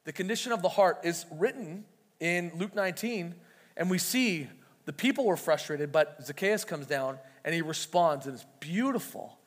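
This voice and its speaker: A man's voice: fairly high pitch, expressive, moderate pace. A man preaching a conversational sermon as pastor, acting out quoted voices as he speaks. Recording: long hall reverb.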